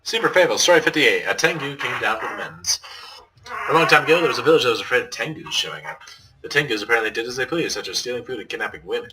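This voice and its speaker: A man's voice: medium pitch, animated, rapid-fire, sharp tone, low-quality recording. A man voicing a mischievous male bear mascot villain who tells a sly, preachy fable in a sing-song way. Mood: gleeful, preachy.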